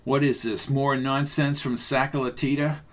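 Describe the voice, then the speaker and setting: A man's voice: medium pitch, little pitch movement, moderate pace, close to an everyday voice. A man narrating an audiobook, voicing a laid-back, plain-spoken cowboy truck driver. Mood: calm.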